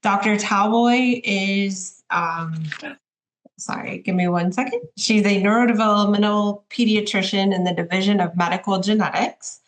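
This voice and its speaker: A woman of mid pitch moderates an online webinar, introducing two speakers. She speaks casually, with a few fillers and small apologies. The sound comes through a video call. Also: fairly even intonation, normal speed.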